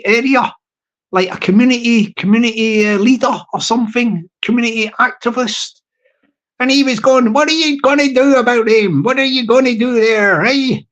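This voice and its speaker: A man hosting a casual livestream chat, rambling and joking with his viewers. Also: very high voice. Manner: rambling, playful and jokey. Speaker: livestream host.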